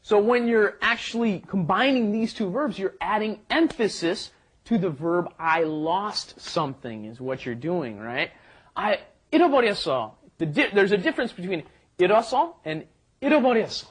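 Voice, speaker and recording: A man's voice: high voice, lively intonation, quick pace, breathy edge. A man co-hosting a casual language lesson, explaining grammar with acted examples. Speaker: co-host teacher.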